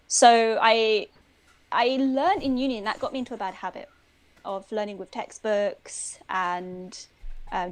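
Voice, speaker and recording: A young woman from the UK with a British accent talks through language learning in a relaxed live-stream conversation. She fills her pauses with frequent "um"s, and her voice sits in a middle pitch. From United Kingdom. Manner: chatty, with frequent "um" fillers. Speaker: guest language learner and university teacher.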